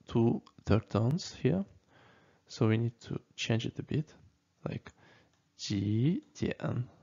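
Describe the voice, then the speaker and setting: Slow, husky man teaching a lesson. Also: medium pitch, warm tone. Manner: slow, halting, many fillers, checks with "okay?". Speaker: language teacher. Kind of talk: casual spoken lesson. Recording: dull lo-fi recording.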